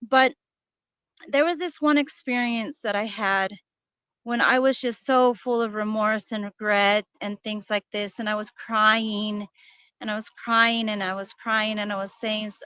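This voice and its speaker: A woman guest in a conversational interview, speaking earnestly and softly about a personal loss. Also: medium pitch, steady tone, a little slow, clear, resonant tone, dry recording. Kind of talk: casual interview, telling a personal story.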